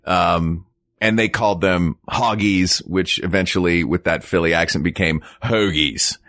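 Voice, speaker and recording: Tired guy co-hosting a podcast, jokey and animated, deep voice, very dry mic. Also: moderate pace, dry recording. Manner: animated, jokey, lectures on sandwich history. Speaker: podcast co-host. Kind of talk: casual chat.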